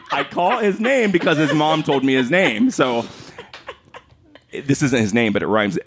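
A man's voice: mid-range voice, expressive, measured pace, heavy background noise. A man telling a funny story in casual chat, acting out quotes and laughing often.

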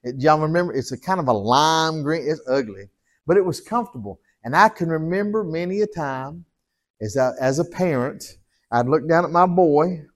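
Pastor preaching a folksy sermon. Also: male voice. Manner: folksy, calls out to the congregation, drops to a low hum and swells to loud exhortation.

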